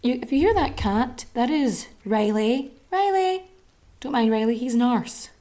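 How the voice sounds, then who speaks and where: An Irish woman hosts a podcast in a relaxed, chatty way, candid and quick to swear. Her voice sits a little high but has a mellow, soft tone. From Ireland. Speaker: podcast host. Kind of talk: casual chat.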